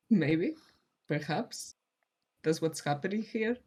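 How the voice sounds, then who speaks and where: A tabletop role-play player describing their character's actions in a halting, unhurried way, laughing often. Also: mid-range voice.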